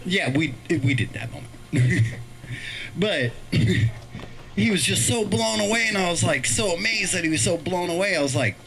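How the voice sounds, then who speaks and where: Animated storytelling middle-aged man. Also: sits high, normal speed, low-quality recording. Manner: animated storytelling, acts out voices. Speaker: stand-up comedian. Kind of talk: stand-up set on a live stream.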